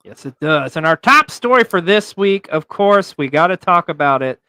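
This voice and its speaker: A man's voice: high-pitched, lively intonation, moderate pace, pushed and bright, no room sound. A man hosting a wrestling recap show, delivering in a theatrical, announcer-like way. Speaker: host.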